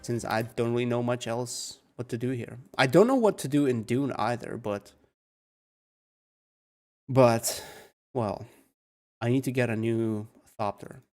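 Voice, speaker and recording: A young man with a calm, soft-spoken manner chatting casually with viewers while playing a game at home. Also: mid-range voice, a little slow, pauses often, faint music behind. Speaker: gaming streamer. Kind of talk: casual live game commentary. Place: home room.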